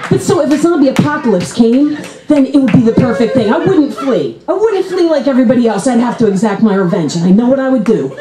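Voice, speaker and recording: A woman's voice: roomy sound, low-quality recording. A woman performing a stand-up comedy set on a club stage, acting out the people in her stories with big jumps in her voice. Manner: animated, acts out characters with big pitch jumps.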